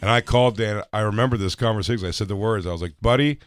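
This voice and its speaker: Man co-host, smooth voice, dry sound, animated loose storytelling. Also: fairly low pitch, very fast, no room sound. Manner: animated, swearing, acts out quotes. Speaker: podcast co-host. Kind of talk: casual chat.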